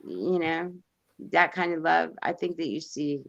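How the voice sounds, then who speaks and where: A woman in a casual spiritual chat, talking in a halting way and repeating words. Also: deep voice, creaky, a bit bright, muffled recording.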